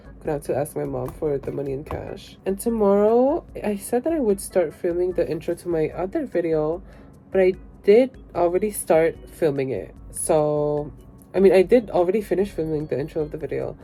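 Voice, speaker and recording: A woman's voice: fairly low pitch, lively intonation, normal speed, vocal fry, dark tone, low-quality recording. A young woman vlogging her week in a casual, chatty way, swearing freely and giggling now and then. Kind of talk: casual vlog chat. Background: music.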